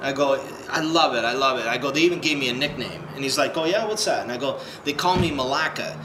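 A man's voice: mid-range voice, fast talker, noisy background. Joking man chatting in an echoey room. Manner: joking, storytelling, laughs often. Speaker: podcast host. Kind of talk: casual chat.

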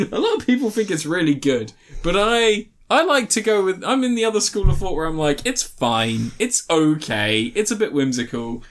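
A man's voice: sits high, fairly bright tone. A young man hosting a podcast, chatty and sweary, laughing often. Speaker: podcast host. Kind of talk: casual chat.

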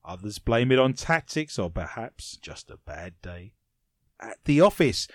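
A man's voice: lowish voice, very animated, a little slow, no echo, studio quality. A man hosting a comedic quiz podcast, playful and teasing, laughing often between his lines. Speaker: quiz host.

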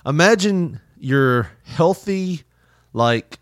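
A man's voice: on the high side, animated, drawn-out words, no echo, studio quality. Laughing, rambling man in casual chat. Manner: laughs often, loose rambling storytelling with swearing.

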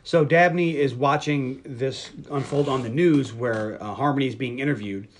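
A man's voice: mid-range voice, moderate pace, slight background noise. A man co-hosting a movie podcast, recapping the plot from notes and cracking crude jokes. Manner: joking, crude, playful; reads plot summary from notes. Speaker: podcast co-host. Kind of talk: casual movie podcast chat.

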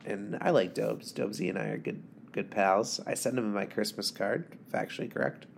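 A man's voice: lowish voice, expressive, moderate pace, vocal fry, a little hiss or hum. A man in his thirties, sick with covid, delivering a profane, sarcastic, rambling recap monologue for a fantasy league podcast. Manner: sarcastic, swearing, ranting, laughing at own jokes.

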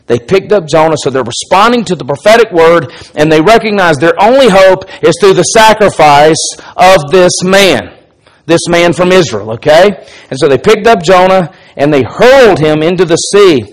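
A man's voice: sits high, lively intonation, moderate pace. A man teaching a sermon-style Bible study to a congregation, talking casually with frequent restarts and rising in volume to stress key points.

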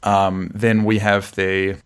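A man co-hosting a casual podcast, recapping a comic with wry asides and quick character voices. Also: low-pitched, level tone, fairly bright tone, smooth. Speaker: podcast co-host.

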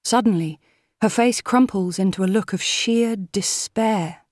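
A woman reading an audiobook in a measured, steady manner. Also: mid-range voice, no room sound, studio quality. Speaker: audiobook narrator. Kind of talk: audiobook narration.

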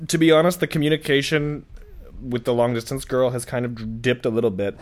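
A man's voice: mid-range voice, fairly even intonation, fairly quick. A young man talking casually about his dating life as a podcast co-host, rambling and restarting his sentences with lots of filler. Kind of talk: casual chat.

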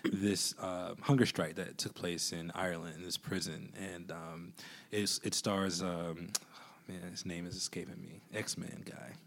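Very deep-voiced laid-back man. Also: steady tone, measured pace, creaky, fairly bright tone. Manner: laid-back, rambling with many fillers. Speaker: podcast guest. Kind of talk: casual interview chat.

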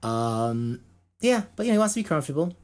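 A man's voice: on the high side, sing-song, fast talker, a little mellow, clear, resonant tone. A man co-hosting a podcast in casual chat, rambling with lots of fillers and restarts. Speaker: podcast co-host.

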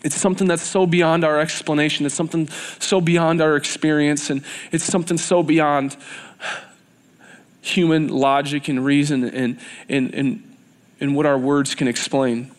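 A man's voice: on the high side, flat delivery, normal speed. A man preaching a sermon in a church, earnest and repetitive, building in intensity.

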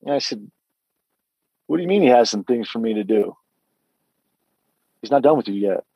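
A man's voice: mid-range voice, lively intonation, normal speed, mellow, husky, no echo, low-quality recording. A middle-aged man giving a candid personal testimony, telling his story earnestly with frequent restarts and quoted dialogue.

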